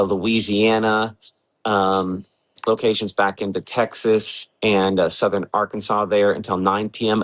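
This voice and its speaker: Man, weather forecaster, live briefing, casual, lowish voice, thinks aloud with fillers. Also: fairly bright tone, low-quality recording. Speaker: weather forecaster hosting a livestream. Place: home in the early morning.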